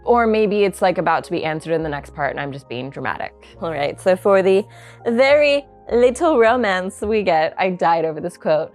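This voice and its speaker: A woman talks through her thoughts on a book in a loose, chatty way. Her voice sits at a middle pitch and turns excitable. Faint music plays behind her. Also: normal speed. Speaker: book reviewer. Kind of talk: casual book reaction chat.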